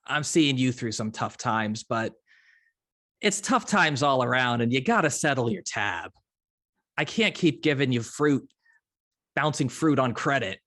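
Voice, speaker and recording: A man's voice: mid-range voice, animated, measured pace, pauses often, fairly bright tone. A man voicing a weary male bartender, tired but firm about a tab.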